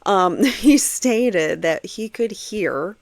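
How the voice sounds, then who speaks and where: A woman's voice: medium pitch, expressive, extremely slow, vocal fry, no room sound. A woman hosting a true crime show, talking casually through court testimony and thinking aloud with plenty of fillers. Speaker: true crime podcast host. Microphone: home computer setup.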